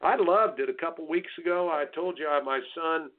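Blunt folksy coach on a tinny line. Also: male voice, a little high, brisk. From United States. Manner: blunt, folksy, preachy, mocking soft attitudes in sing-song asides. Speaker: tennis coach and radio host. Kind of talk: coaching advice talk on radio. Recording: tinny phone-line sound.

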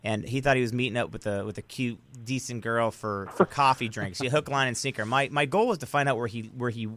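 A man's voice: medium pitch, a little fast, a bit bright. A man telling a story as a guest on an interview show, blunt and profane, rambling with restarts and fillers. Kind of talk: casual storytelling in a podcast interview.

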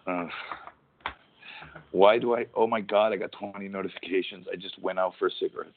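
A man's voice: deep voice, steady tone, brisk. A man in his forties hosting a casual podcast, telling rambling, profane, joking stories over a tinny phone-like line. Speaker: podcast host, former wrestler.

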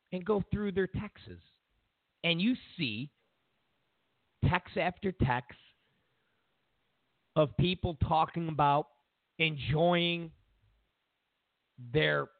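A man's voice: on the high side, no echo. A man hosting a political talk show, delivering an emphatic, opinionated monologue full of sarcastic hypotheticals. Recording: tinny phone-like audio.

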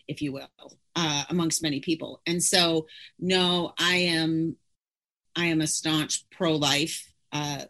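A middle-aged woman hosting a podcast, speaking in a measured, thoughtful way with some fillers. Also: deep voice, fairly bright tone. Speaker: podcast host. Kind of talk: casual podcast conversation.

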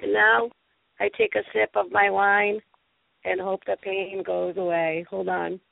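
A woman hosting a casual internet radio talk show, sniffly with a cold, from New England, talking in an animated, rambling way. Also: medium pitch, unhurried, gravelly, no room sound. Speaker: show host. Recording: tinny phone-line audio.

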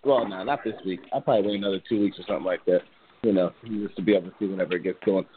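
A man's voice: sits low, steady tone, very fast, a crowd in the background. A man hosting a casual boxing talk show, rambling with frequent restarts and easy laughter. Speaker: boxing podcast host. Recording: tinny phone-like audio.

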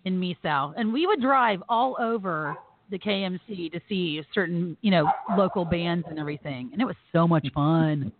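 Animated woman telling stories over a tinny line. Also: lowish voice, normal speed, slight background noise. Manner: animated, laughing storyteller acting out quotes. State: recovering from surgery, on pain meds. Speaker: podcast co-host. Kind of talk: casual storytelling chat.

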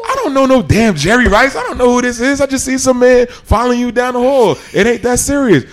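A man voicing his overprotective middle-aged mother from Brooklyn, scolding and brusque, much higher and louder than his own deep voice. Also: sing-song, fairly quick.

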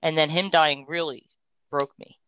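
A woman's voice: low voice, normal speed, smooth, no room sound. Heartfelt woman, dry lo-fi sound. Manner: heartfelt, swings from hushed to animated. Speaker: guest sharing a personal story. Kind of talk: emotional personal testimony.

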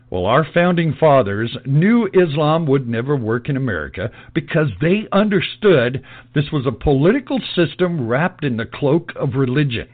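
A man delivering an emphatic, repetitive monologue in a preachy lecturing style. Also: mid-range voice. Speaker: political commentator. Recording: tinny phone-like audio.

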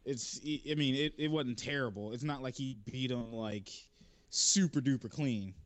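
A man talks wrestling in a loose, profane, animated way, full of jokes. His voice sits at a middling pitch. The sound is dry and close. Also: moderate pace, no echo. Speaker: wrestling podcast panelist. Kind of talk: casual chat.

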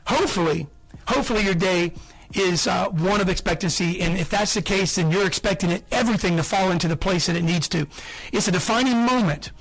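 A man's voice: high voice, brisk, fairly bright tone, low-quality recording. A man hosting a sales podcast, giving earnest motivational talk and repeating his key points for emphasis. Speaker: podcast host.

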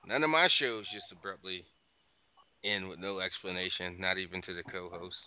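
A man's voice: sits low, moderate pace, a little hiss or hum. A man co-hosting a call-in show, ranting casually with profanity and frequent laughter. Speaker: podcast co-host. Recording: tinny phone-like line.

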